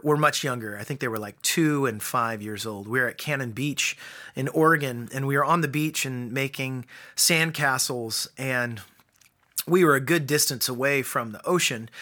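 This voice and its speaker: Earnest bright-voiced man giving a devotional. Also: medium pitch. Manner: earnest, builds to emphatic peaks. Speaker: guest speaker. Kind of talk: devotional talk.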